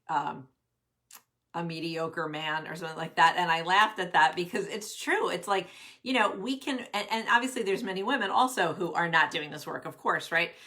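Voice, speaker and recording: A woman's voice: fairly low pitch, pushed and bright. A middle-aged woman coaching careers on a casual live stream, bubbly and chatty, greeting viewers by name. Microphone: webcam at desk.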